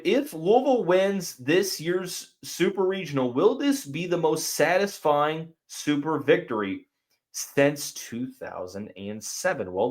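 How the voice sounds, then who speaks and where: A young man hosting a sports podcast, chatting casually and thinking aloud with fillers and restarts. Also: mid-range voice. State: has the hiccups. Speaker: podcast host.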